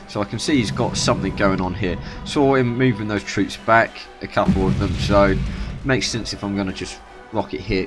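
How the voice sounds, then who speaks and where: A man casually commentating his own strategy game match, rambling and correcting himself as he goes. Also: on the low side. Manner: rambling, self-correcting, chatty. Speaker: gaming YouTuber. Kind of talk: gameplay commentary.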